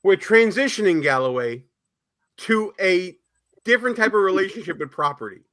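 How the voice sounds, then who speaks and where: A man's voice: sits high, expressive, normal speed, pushed and bright. A man hosting a political talk show, speaking emphatically with a sarcastic edge. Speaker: host.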